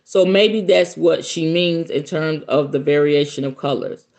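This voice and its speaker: Her voice is deep and unhurried as she reads a book aloud on her podcast. Between passages she drops in lively, playful, offhand commentary.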